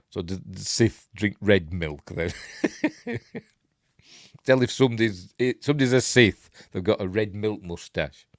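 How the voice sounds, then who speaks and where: A man's voice: lowish voice, a little slow, no room sound, clean studio sound. A man with a Yorkshire accent hosting a live news stream, reading sci-fi stories and breaking off for wry, sarcastic asides.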